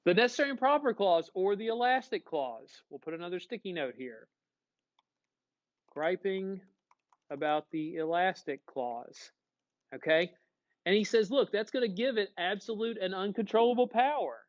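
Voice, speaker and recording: Male teacher, casual and animated lecturer, dull lo-fi sound. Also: sits high, moderate pace. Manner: casual, animated, asks the class questions. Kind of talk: classroom lecture.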